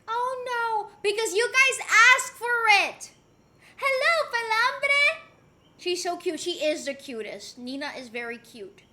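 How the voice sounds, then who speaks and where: A woman's voice: extremely high pitch, sharp tone. A woman live streamer at home, chatting casually, reading chat messages aloud and cooing at her pet. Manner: coos and teases her pet between comments.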